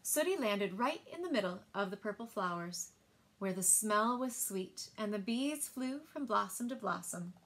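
A woman librarian reading picture books aloud in an expressive, sing-song storytelling manner. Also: mid-range voice, moderate pace.

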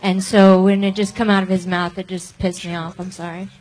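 A woman's voice: fairly low pitch, little pitch movement, brisk, a little mellow, low-quality recording. A woman who is a newer comedian, talking on a live panel in a defensive, irritated way.

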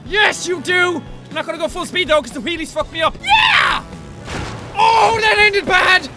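A young man yelling and joking through loud, manic let's-play commentary. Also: very high voice, fairly quick, over loud music. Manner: loud, manic, shouting and yelping. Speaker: gaming YouTuber.

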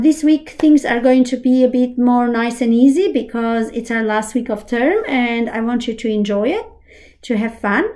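A young woman teacher gently explaining an art activity step by step to young children at home. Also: fairly high pitch. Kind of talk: remote lesson instructions for young children.

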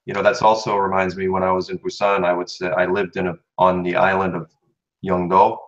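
American man, very low voice, relaxed chatty student in a casual lesson, slightly dull recording. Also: a little fast. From United States. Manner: relaxed, chatty, repeats words after the teacher.

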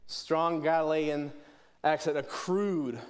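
A man's voice: fairly high pitch, fairly even intonation, slow pace. A man from preaching a sermon in church, earnest, often restarting and repeating words. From Pittsburgh, USA.

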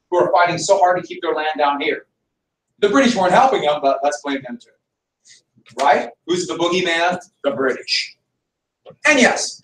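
A man with a high-pitched, slightly bright voice teaches a history class, lecturing emphatically and throwing rhetorical questions at his students. He's recorded from far off in an echoey room.

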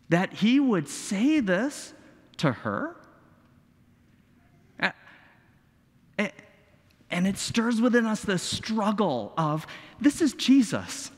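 Expressive man preaching in a reverberant hall. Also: sits high. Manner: expressive, rhetorical questions, dramatic pauses. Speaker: pastor. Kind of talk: sermon. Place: church sanctuary.

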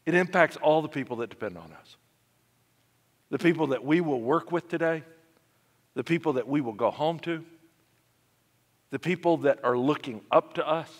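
A man's voice: high voice, a bit bright. A conversational male preacher in a hall. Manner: conversational storyteller with frequent restarts. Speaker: pastor leading a men's study. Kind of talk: sermon-style teaching. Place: church.

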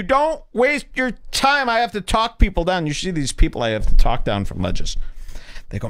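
Male podcast host, mock-serious sarcastic rambler, fairly high voice with big animated swings. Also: normal speed, smooth. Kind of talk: rambling comedic monologue.

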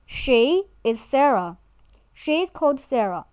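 A woman teaching in a clear, careful voice, slowing down to model each word as she explains it. Her voice sits a little high and sounds close and dry, with no room around it. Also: expressive, dry recording. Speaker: language teacher. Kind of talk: scripted instructional narration.

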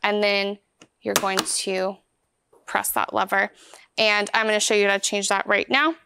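A woman's voice: mid-range voice, flat delivery, measured pace, creaky, sharp tone, smooth, no room sound. A woman giving a hands-on product demonstration, explaining each step in an upbeat, chatty way. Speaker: vacuum store product demonstrator.

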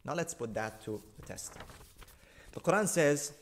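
A man's voice: animated, unhurried, a little hiss or hum. A man delivering a sarcastic, emphatic argumentative monologue as a religious commentator, hammering points home with repetition. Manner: repeats points for emphasis with big swings in pitch and loudness. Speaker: religious commentator rebutting a video.

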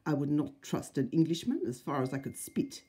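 Woman doing a scornful proud duke, slow loud sneer, storybook villain, breathy. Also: low voice, expressive. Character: proud hostile middle-aged male duke, scornful.

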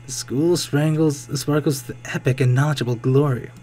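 A man putting on a deep, theatrical narrator voice to read a visual novel's text aloud. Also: fairly even intonation, normal speed, mellow, close to an everyday voice. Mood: mock-ominous. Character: deep, mock-dramatic male game narrator.

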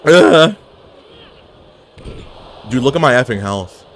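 A young man comments live on his own wrestling match, trash-talking his opponent and swinging between low mutters and sudden yells. His pitch leaps around a lot. A faint hiss sits under the recording. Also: animated, takes it slowly. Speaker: gaming streamer.

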